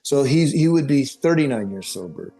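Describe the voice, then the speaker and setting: A middle-aged man, a podcast guest, telling his life story in a rambling, animated way, with frequent restarts and self-corrections. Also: medium pitch, normal speed, faint music behind. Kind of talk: personal storytelling.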